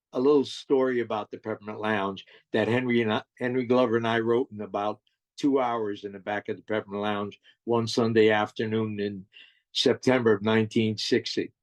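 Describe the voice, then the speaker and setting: An older man from New Jersey, a guest musician telling stories in a casual interview, eager and often restarting his sentences with stammers. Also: fairly low pitch.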